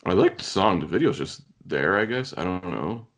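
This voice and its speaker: A young man casually reacting to a music video with a friend, relaxed, laughing often and using many fillers. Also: low-pitched, moderate pace. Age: young adult.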